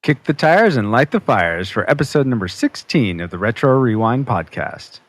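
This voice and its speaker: A man's voice: medium pitch, sing-song, moderate pace. Laid-back man hosting a podcast. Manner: laughing, playful teasing. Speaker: podcast host. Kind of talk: casual podcast chat.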